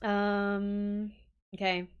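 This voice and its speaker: A woman's voice: mid-range voice, level tone, drawn-out words, clean tone, highs cut off. A woman streaming a game, chatting casually in a giggly, rambling way.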